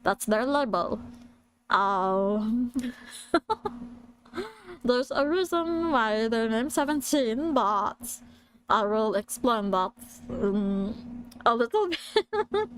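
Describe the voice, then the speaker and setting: A woman voicing the small alien creature Stitch, squeaky and straining, with an attempted British accent. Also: animated, extremely slow, pauses often. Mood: giggly. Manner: squeaky, straining, giggling through words. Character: small mischievous alien creature, high-voiced.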